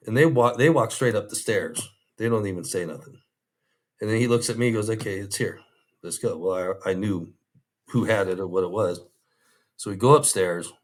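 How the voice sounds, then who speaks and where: A man with a low voice tells a story in an interview. He acts out the other people, lifting his voice for their lines. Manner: animated retelling, quoting others in raised voices. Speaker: former undercover officer telling a story.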